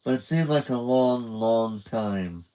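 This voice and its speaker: A man's voice: mid-range voice, slow pace, mellow, low-quality recording. Man reading a storybook aloud. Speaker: reader.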